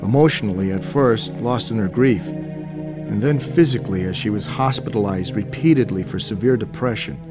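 A man's voice: on the low side, normal speed, over music. A grown man narrating his past in a somber, reflective way. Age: adult. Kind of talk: scripted narration.

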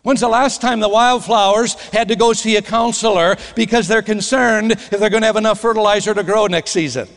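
A man preaching a sermon to a congregation in a church sanctuary. His delivery is dramatic, swinging between loud emphasis and hushed, soft tones. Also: sits high, fairly even intonation, a little fast, hardly any pauses. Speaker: guest preacher. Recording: long hall reverb.

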